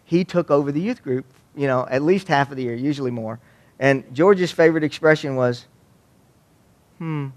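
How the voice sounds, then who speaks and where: A man's voice: medium pitch, a little fast. A man from Waco, giving a humorous storytelling talk on youth ministry to an audience. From Waco, Texas. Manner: folksy, joking, animated.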